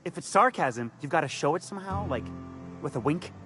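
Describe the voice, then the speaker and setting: A man's voice: on the high side, expressive, brisk, close to an everyday voice. A man voicing a sly, sing-song huckster. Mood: scheming. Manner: folksy slang, stammering when caught out. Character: fast-talking male con man selling shady schemes. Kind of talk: video game character dialogue. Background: faint game music.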